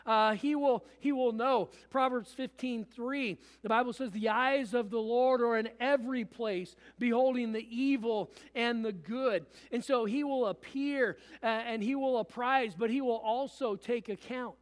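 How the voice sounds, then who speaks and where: A man's voice: very high voice, unhurried, hardly any pauses, long reverb tail. A man preaching a sermon as pastor, repeating phrases and restarting often. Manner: preaching with repetition and frequent restarts. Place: church.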